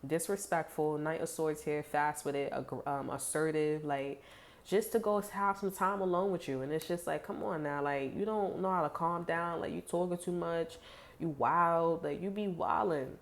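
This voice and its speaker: Woman, casual tarot reader talking to camera, low-pitched, profane, rambling with fillers. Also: normal speed. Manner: chatty and blunt, heavy swearing, many "like" fillers. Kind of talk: casual tarot reading to viewers.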